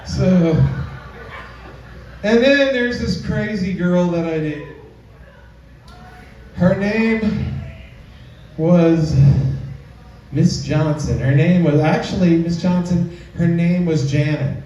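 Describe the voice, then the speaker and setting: On a small comedy club stage, a fairly high-voiced stand-up comedian with a darkish tone and lively intonation delivers his set slowly, drawn out, squealing voices for the girls. He's recorded from a distance in a very echoey room, with faint noise and cut-off highs.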